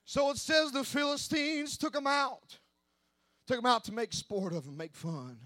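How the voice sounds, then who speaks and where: A man preaching a sermon who swings between hushed asides and shouted, sing-song preaching cadence. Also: very high-pitched, a little slow, no room sound. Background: faint music from an accompanist.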